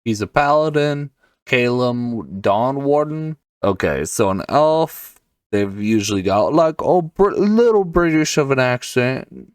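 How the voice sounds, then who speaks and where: Man, podcast host, rambling tabletop prep, slow talk, lively pitch, dry distant mic. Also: no echo. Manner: rambling, thinks aloud. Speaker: podcast host and solo game player. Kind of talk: casual solo tabletop game prep.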